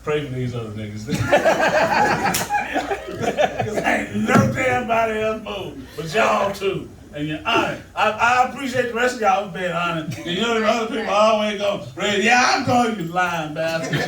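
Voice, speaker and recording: A man's voice: high voice, heavy background noise. An older man doing a stand-up comedy set on stage, telling loose, rambling stories to a live audience. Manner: loose, storytelling, Southern-flavored delivery. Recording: echoey room, mic heard from a distance.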